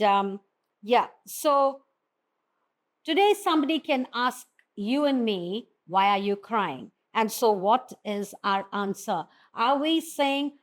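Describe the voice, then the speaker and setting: Earnest woman preaching a sermon. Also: on the high side. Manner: earnest, exhorting, frequent fillers and restarts.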